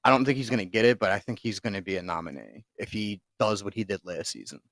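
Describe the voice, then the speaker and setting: Low-voiced guy rambling in dry close audio. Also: quick pace, fairly bright tone, dry recording. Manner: rambling, profane, restarts a lot. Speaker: podcast co-host. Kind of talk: casual sports chat.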